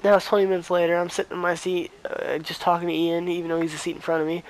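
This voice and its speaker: A man's voice: fairly high pitch, little pitch movement, very fast, a little hiss or hum, rough recording. A teenage boy vlogging, rambling through a story with lots of fillers and acted-out dialogue. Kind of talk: casual storytime.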